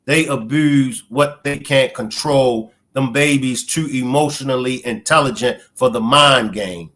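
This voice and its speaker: A man's voice: mid-range voice, a little slow, fairly bright tone. Emotional man commenting on a live stream. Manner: emotional, reacting to clips and chat.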